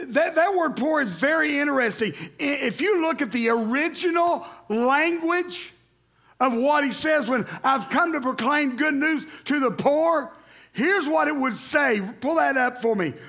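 High, gravelly preacher. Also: male voice, measured pace. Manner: animated preaching, rising to loud emphatic calls to the congregation. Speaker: pastor. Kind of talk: sermon. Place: church sanctuary.

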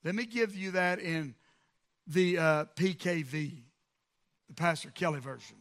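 A middle-aged male pastor preaching a sermon, building to emphatic, shouted repetitions. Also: a little high, measured pace.

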